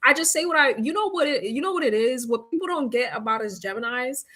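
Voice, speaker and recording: A woman's voice: sits high, animated, fast talker, bright, forceful tone, slightly rough. A young woman chatting casually on a livestream as a reader, sleepy and tired, blunt and profane, laughing often. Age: young adult.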